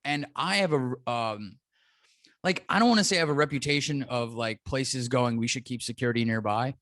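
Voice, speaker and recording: Guy telling a wild gig story, lively, acts out everyone, dry sound. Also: mid-range voice, a little fast, no room sound. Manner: animated storyteller acting out quotes. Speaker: comedian guest. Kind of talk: storytelling in casual podcast chat.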